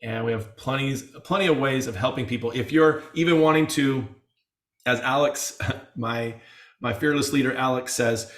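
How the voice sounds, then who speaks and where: A man's voice: mid-range voice, moderate pace, a bit bright. Earnest male practice coach, chatty and repetitive, recorded in a reverberant room. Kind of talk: casual webinar talk. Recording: roomy echo.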